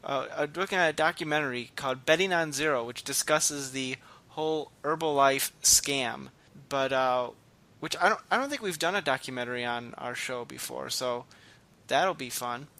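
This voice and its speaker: A man co-hosting a podcast in casual chat, low-key and exhausted, rambling and restarting his sentences. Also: moderate pace, sharp tone. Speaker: podcast co-host.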